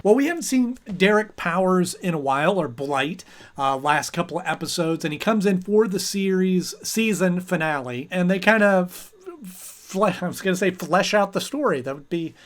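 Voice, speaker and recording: A man's voice: high voice, lively intonation, moderate pace. A man hosting his channel, chatting casually in a rambling way with lots of fillers. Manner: chatty, rambling with fillers, briefly acting out characters. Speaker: host and episode reviewer. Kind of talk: casual chat review.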